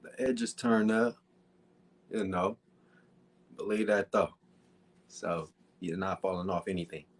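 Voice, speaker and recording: A man's voice: deep voice, takes it slowly, long pauses. A man hosting a casual livestream, answering viewer comments in a laid-back, slangy way with lots of filler questions to his audience. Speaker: livestream host.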